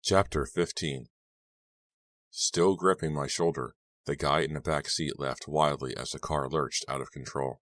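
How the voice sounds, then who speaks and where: A man's voice: a bass voice, dry recording. A man reading an audiobook aloud as tense first-person storytelling. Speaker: audiobook narrator. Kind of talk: scripted audiobook narration.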